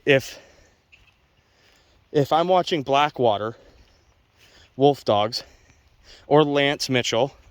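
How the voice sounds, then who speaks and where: A man's voice: mid-range voice, slow, long pauses, clear, resonant tone, no room sound. A man, a dog trainer, giving blunt, opinionated casual commentary to viewers while walking outdoors. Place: outdoors on a wet walk with his dog.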